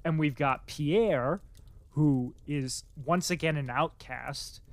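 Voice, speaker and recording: A man's voice: a little high, slow, no room sound. Enthusiastic man reading a classic novel. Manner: enthusiastic, chatty. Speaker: audiobook reader and book commentator. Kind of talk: literary narration then casual commentary.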